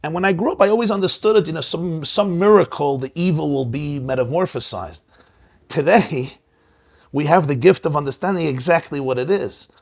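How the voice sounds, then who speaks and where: Emphatic man with stammering repeats. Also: fairly quick. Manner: emphatic, repeats words while searching for them; swings between soft low asides and rising stressed words. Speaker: rabbi and host. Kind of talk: conversational discussion.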